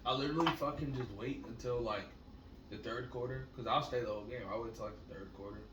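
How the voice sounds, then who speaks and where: A man co-hosting a casual podcast, telling stories in a laid-back, profane way that gets loud when he is excited. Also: medium pitch, quick pace. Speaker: podcast co-host. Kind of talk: casual storytelling chat. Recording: echoey room, mic at a distance, noisy.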